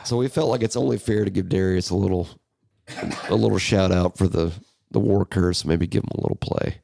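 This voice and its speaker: A man's voice: low-pitched, a little fast, gravelly, warm tone, a little hiss or hum. A young man co-hosting a podcast, rambling and swearing through casual banter. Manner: rambling, swears a lot, jokey. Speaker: podcast co-host.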